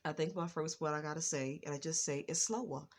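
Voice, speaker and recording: A woman vlogger talking slowly and carefully in a casual personal monologue, with a stutter and a lot of repetition. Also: low-pitched, steady tone.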